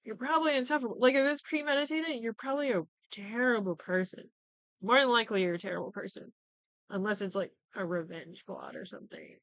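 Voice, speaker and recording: Young woman host, casual chatty recap, lively and profane, smooth clear voice, dry close mic. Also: a little high, fast, no echo. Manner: animated, swears freely, acts out quotes. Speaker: podcast host. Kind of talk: casual chat recapping shows.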